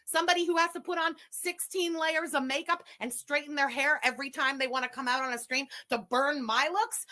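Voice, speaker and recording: High, bright, furious ranting woman. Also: fairly even intonation, brisk. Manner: furious, insulting, profane. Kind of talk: livestream rant.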